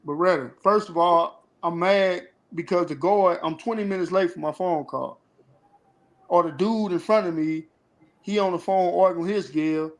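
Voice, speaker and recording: A man's voice: high voice, normal speed, poor audio. A man speaking candidly on a panel, earnestly explaining how he felt on prison phone calls. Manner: earnest, acts out phone talk. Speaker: formerly incarcerated panel guest.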